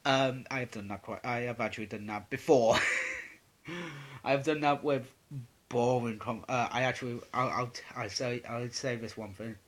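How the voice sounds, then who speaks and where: Answering viewer questions in a casual vlog, a young man rambles and swears, scattering many "um"s throughout. His mid-range voice keeps a steady tone at a moderate pace.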